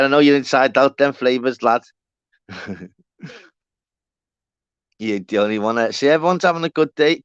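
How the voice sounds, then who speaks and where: On a lo-fi stream, a matey man from Walton, Liverpool, England, rambles through casual chat with viewers in a Scouse accent, swearing and using their names. His voice sits in the mid range, with no echo.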